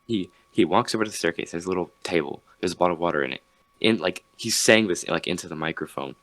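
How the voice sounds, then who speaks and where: A man's voice: deep voice, quick pace, a bit bright, no room sound. A young man hosting a podcast, casually retelling a story with lots of fillers and quoted bits. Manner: rambling, filler-heavy retelling with acted quotes. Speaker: podcast host.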